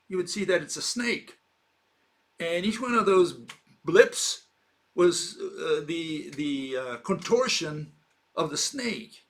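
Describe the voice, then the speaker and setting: A man talks through an informal physics argument in a slightly higher voice. He is emphatic and argumentative, leaning on rhetorical questions and filler words as he builds his point. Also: fairly bright tone. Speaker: lecturer. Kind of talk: informal explanatory monologue.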